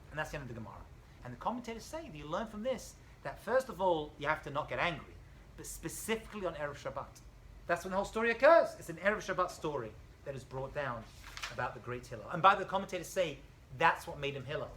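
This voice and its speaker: A man's voice: fairly high pitch, a little fast, a little hiss or hum, rough recording. A man, a rabbi, giving an informal college class, telling stories animatedly and joking with students. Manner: animated storyteller, acts out dialogue, jokes with students.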